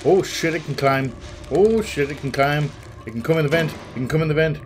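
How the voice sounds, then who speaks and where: A man's voice: on the high side, fast talker, a little hiss or hum. A man giving let's play commentary on a game, jumpy and swearing constantly as he talks to the game. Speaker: gaming video host. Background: game music.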